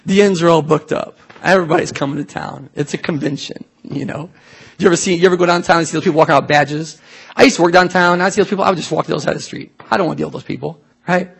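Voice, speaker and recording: Gravelly, husky-voiced man preaching. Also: on the high side. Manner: conversational, animated preaching with asides and questions to the congregation. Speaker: pastor. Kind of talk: sermon.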